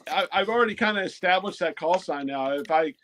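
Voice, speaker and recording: A man guests on a casual panel talk, his voice slightly high. He tells stories at an easy pace and circles back over his points. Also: fairly quick, fairly bright tone. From United States. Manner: storytelling, a little repetitive. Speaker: guest presenter.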